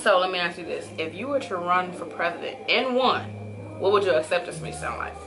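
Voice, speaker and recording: A woman's voice: on the low side, expressive, a little fast, music in the background. A woman hosting an interview show, asking casual questions, playful and laughing along.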